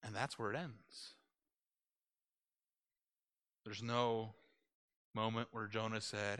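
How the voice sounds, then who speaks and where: A man preaching a conversational sermon, retelling a story with animated delivery and asking his listeners rhetorical questions. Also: medium pitch, unhurried, pauses often.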